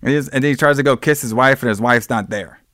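A man's voice: mid-range voice, fairly bright tone, no echo. Sarcastic man recapping a movie, dry room. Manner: sarcastic, acts out characters in quick bits. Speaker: podcast co-host.

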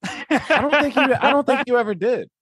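A man's voice: very high voice, fairly quick, a crowd in the background. A man co-hosting a casual podcast chat, talking loosely, joking and swearing freely. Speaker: podcast co-host.

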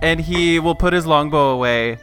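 Giggly, bright-voiced male player. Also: a little high, normal speed. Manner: giggly and excitable. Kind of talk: casual tabletop game play. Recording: faint background music.

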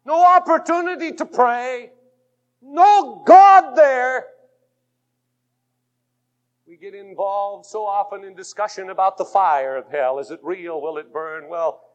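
A man preaching a sermon, swinging between fervent shouts and hushed, intimate passages. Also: high-pitched. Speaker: pastor. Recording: muffled lo-fi 1980s tape.

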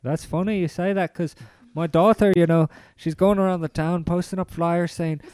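A man's voice: high-pitched, steady tone, normal speed, darkish tone, clean tone, no echo, close to an everyday voice. A man doing a jaunty, rambling mock Irish accent as a cheerful pub-goer.

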